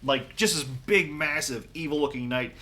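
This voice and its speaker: A man running a tabletop game as game master, narrating loosely with frequent pauses. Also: fairly high pitch, pushed and bright, a little hiss or hum.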